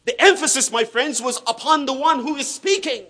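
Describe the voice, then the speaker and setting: A pastor preaching with a high, bright, ringing voice that leaps and dips all over. He stretches out key words slowly, then drops to a near hush before surging loud again. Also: expressive, poor audio. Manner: dramatic swings between loud emphasis and hushed asides. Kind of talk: sermon.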